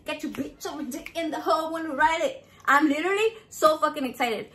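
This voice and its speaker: A high-pitched woman talks straight to camera from her home. She is brash and foul-mouthed, and she drops words into her as she chats through her cooking vlog. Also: fairly quick. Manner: brash, foul-mouthed, animated, mixes Spanish into English. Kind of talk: casual profane chat to camera.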